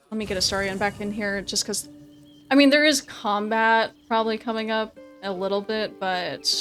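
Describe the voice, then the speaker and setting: A woman streamer chatting casually over gameplay, laughing often and repeating herself when excited. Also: mid-range voice.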